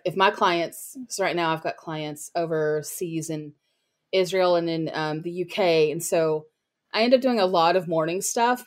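A woman speaking as a podcast guest about her copywriting work, in casual interview talk full of "like" and "you know". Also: sits low. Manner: chatty, heavy use of "like" and "you know" fillers.

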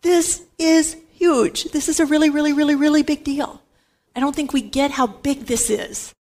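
A high-voiced woman teaches scripture emphatically, in the manner of a Catholic Bible teacher, hammering home her points by repeating key words again and again. She speaks a little fast, with a slightly mellow quality.

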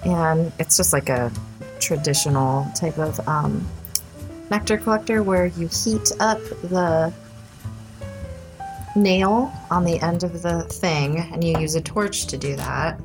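A woman in her thirties or forties co-hosting a casual podcast with her husband, chatty and quick to laugh. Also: fairly low pitch, steady tone, over music. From Colorado, USA. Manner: giggly, laughs often, chatty while multitasking. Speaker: podcast co-host. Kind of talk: casual chat.

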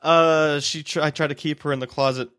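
A man's voice: a little high, steady tone, a little fast, fairly bright tone, clear, resonant tone. A man with an Ohio accent hosting a podcast, joking through casual banter. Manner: joking, playful. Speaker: podcast host.

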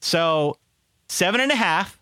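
A man co-hosting a casual sports podcast, talking in an animated, playfully indignant way. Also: high voice, measured pace, clean tone, no echo, studio quality. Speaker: podcast co-host.

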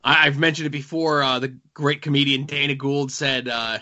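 A man's voice: medium pitch, level tone, moderate pace, hardly any pauses, pushed and bright. A man co-hosting a podcast, chatting casually and joking as he rambles with fillers about comics and TV. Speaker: podcast co-host. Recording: dull lo-fi sound.

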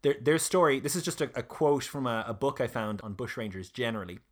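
A man's voice: mid-range voice, expressive, fast. A man presenting history in a casual conversation, reading out passages, with many fillers and restarts. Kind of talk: casual podcast chat.

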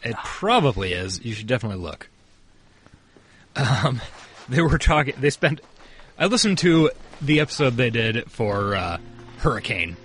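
A man's voice: mid-range voice, big pitch swings, normal speed, long pauses, a bit bright, slight background noise. A man co-hosting a casual podcast, laid-back and joking, with lots of hesitant fillers. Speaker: podcast co-host. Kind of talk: casual rewatch podcast chat.

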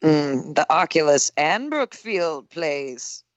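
A woman's voice: deep voice, big pitch swings, takes it slowly, no room sound, dull audio. A woman co-hosting a podcast, chatting casually with dry, wry jokes. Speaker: podcast co-host. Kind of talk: casual chat.

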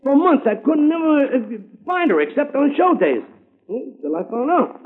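A pushy brash talent agent. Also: male voice, extremely high pitch, big pitch swings, normal speed. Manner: brash slangy New York patter. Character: pushy fast-talking male talent agent. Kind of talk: 1950s radio drama acting. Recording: tinny old radio broadcast.

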